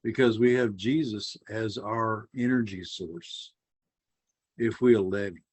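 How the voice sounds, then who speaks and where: A man's voice: on the low side, steady tone, darkish tone, breathy edge, dry recording. A man hosting a fellowship talk, teaching from scripture in a casual way. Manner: slow, measured teaching. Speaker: bible study host.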